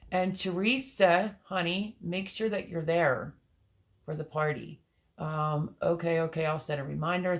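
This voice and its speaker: This livestream host has a low-pitched, gravelly voice. She keeps the talk casual, reading out comments from viewers and welcoming each by name.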